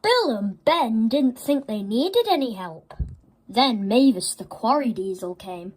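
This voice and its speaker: A woman telling a children's story in an expressive, animated way. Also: a little high, unhurried, low-quality recording.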